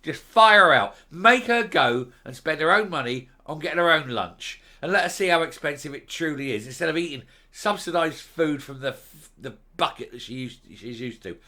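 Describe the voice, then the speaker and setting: A middle-aged man giving furious political commentary on a vlog, hurling insults and mockery with loud outbursts. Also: a little high, brisk, hardly any pauses. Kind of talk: angry ranting commentary.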